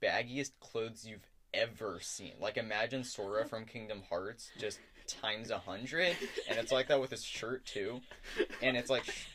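A man's voice: fairly low pitch, a little slow, fairly bright tone, slight background noise. A man narrating as game master in a tabletop game, talking casually and hesitantly with lots of fillers. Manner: hesitant, many fillers and likes.

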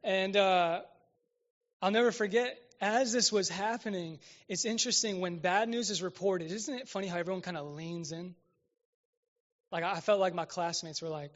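A man's voice: high-pitched, fairly quick, dull audio. A man in his late twenties preaching a sermon as pastor, talking conversationally and often checking in with the audience.

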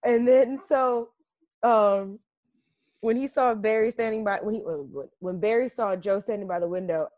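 A woman co-hosting a podcast in casual chat, animated and acting out quotes in voices. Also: medium pitch, unhurried, no echo. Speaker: podcast co-host.

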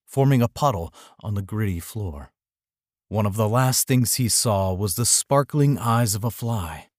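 A man narrating a short story in an expressive, dramatic reading style. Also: lowish voice, dry recording, studio quality. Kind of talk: audiobook storytelling.

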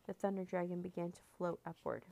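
Woman storyteller, low gravelly voice, children's book reading. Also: fairly even intonation, brisk, dark tone.

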